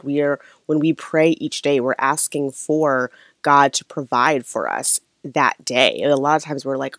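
A speaker from Minnesota teaching scripture in a warm, conversational, unscripted way. The voice sits at a mid pitch and is recorded dry and close, with no room sound. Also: normal speed, no room sound. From Saint Paul, Minnesota. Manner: earnest, conversational, with frequent fillers and restarts. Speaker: devotional teacher.

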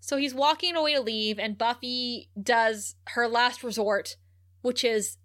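Bright-voiced woman recapping a show. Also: a little high, measured pace, no room sound, clean studio sound. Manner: animated retelling, acting out quoted lines, frequent laughs. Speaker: podcast co-host recapping a TV episode. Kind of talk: casual chat recap.

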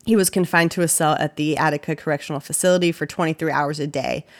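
A woman hosting a true-crime podcast in a relaxed, chatty way. Her voice sits a little low, and she is blunt and swears freely, laughing as she runs through the facts. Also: fast talker. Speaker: podcast host.

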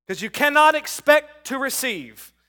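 A middle-aged man preaching a sermon, calling on the congregation and rising from soft talk to loud shouts. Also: very high voice, lively intonation, a little slow. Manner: calls on the congregation to respond. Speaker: pastor.

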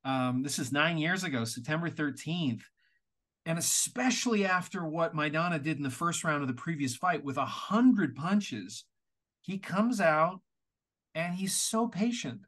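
A man from Canada co-hosting a podcast, talking in an animated, exasperated way with plenty of swearing. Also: a little high, unhurried. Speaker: podcast co-host. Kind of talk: casual podcast chat.

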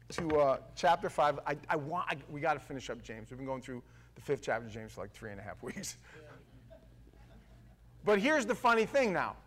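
Male pastor, slightly high voice, casual slangy preaching, blunt, swings between quiet asides and loud emphasis. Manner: slangy and blunt, with frequent restarts. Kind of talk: casual conversational sermon.

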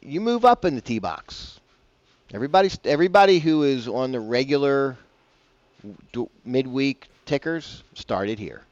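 A man's voice: medium pitch, lively intonation, moderate pace, darkish tone, no echo, lo-fi sound. A man hosting a casual morning golf radio show, rambling and chatty with self-deprecating asides, on a broadcast mic. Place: broadcasting from a bar.

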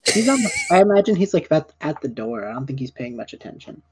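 A man's voice: fairly high pitch, very animated, fast talker, noisy background. A man playing a tabletop game, talking casually and mumbling in character. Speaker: player. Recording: dull lo-fi mic.

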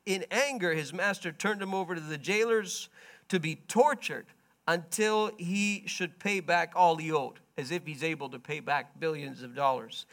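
A man delivers a sermon in a fairly high voice with a gravelly, creaky edge. He retells a story dramatically, dropping to a low murmur, then rising into loud, emphatic bursts. He stops often to explain in plain, everyday words. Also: animated, moderate pace. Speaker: preacher.

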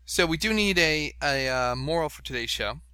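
A man's voice: on the high side, expressive, moderate pace, pushed and bright, clear, resonant tone. A man hosting a podcast in casual chat, reading out web pages and laughing along. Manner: chatty, reads out web pages, laughs often. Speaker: podcast host.

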